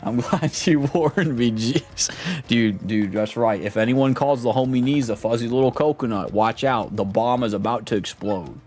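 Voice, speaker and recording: A man's voice: mid-range voice, moderate pace, darkish tone, slight background noise. Joking young man streaming a game. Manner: joking, rambling, heavy slang. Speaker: gaming streamer. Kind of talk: casual let's play commentary. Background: game music.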